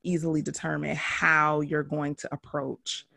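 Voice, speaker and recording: Middle-aged woman, low gravelly voice, candid co-host chatting about faith and parenting. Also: flat delivery, measured pace, sharp tone, no echo. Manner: candid, laughs at herself, works through a numbered list. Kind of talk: casual faith-based parenting chat.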